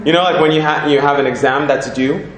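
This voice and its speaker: A man preaching a lively sermon in a church, animated, breaking into sung lines and laughter, asking the congregation questions. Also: a little high, fast talker, a little hiss or hum. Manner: animated, sings snatches, laughs, asks the crowd questions. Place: church hall. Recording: echoey church with congregation responding.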